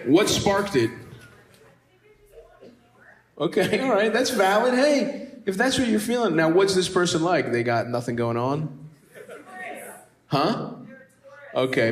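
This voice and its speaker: A male stand-up comedian doing crowd work, loud and profane, teasing the audience and laughing. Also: on the high side, background noise. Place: comedy club stage with audience. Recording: echoey live club recording with loud ambience.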